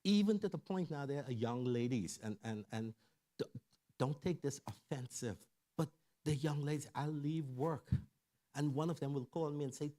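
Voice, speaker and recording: A middle-aged man giving a lively sermon-style talk on family and parenting, telling stories conversationally and checking in with the audience. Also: fairly high pitch, normal speed. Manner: animated storyteller who acts out quoted voices. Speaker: church speaker on family and mental health.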